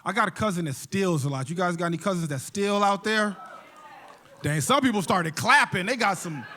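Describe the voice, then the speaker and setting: A male stand-up comedian with a high, bright voice tells casual, profane stories on a theater stage. He often laughs between punchlines, and his voice comes through a handheld stage mic. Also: lively intonation, brisk, a little hiss or hum. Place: theater stage before a live audience.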